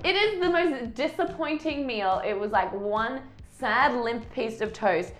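A woman's voice: on the high side, expressive, measured pace. A woman co-hosting a casual podcast chat, laughing easily as she tells stories. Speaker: podcast co-host.

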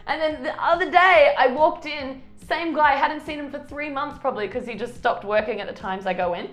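A woman's voice: high voice, fairly quick, fairly bright tone. A woman co-hosting a casual chat show. She tells stories with animation and acts out what other people said. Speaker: podcast co-host. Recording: echoey room, faint music.

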